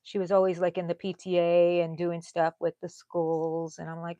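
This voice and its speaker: A woman of sixty with a Texan accent, hosting a live crochet stream in a casual, chatty way and dropping to low mutters and whispers as she counts stitches. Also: moderate pace, hardly any pauses, warm tone, no room sound, highs cut off. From Texas. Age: 60s.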